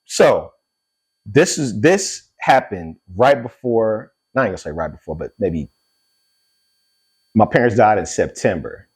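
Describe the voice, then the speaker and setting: Animated, swearing middle-aged male host. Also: fairly low pitch, unhurried, long pauses, slightly rough. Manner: animated storytelling, swears freely. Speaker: podcast host. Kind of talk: casual chat.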